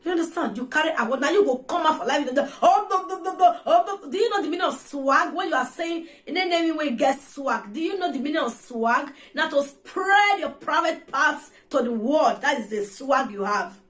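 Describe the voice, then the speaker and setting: A woman's voice: high-pitched, lively intonation, a little fast, hardly any pauses, a bit bright. A woman with a Nigerian accent scolding her viewers in a vlog rant, repeating herself and slipping Pidgin and Yoruba into her English. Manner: scolding, preachy and repetitive. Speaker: vlogger. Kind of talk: ranting vlog monologue.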